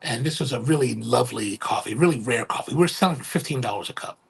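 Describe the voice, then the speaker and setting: A man's voice: medium pitch, expressive, fast talker, vocal fry, slightly rough. A middle-aged man hosting a casual livestream, rambling and correcting himself as he talks, often checking in with "right?". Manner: rambling, self-correcting, keeps asking "right?". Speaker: livestream host and coffee retailer.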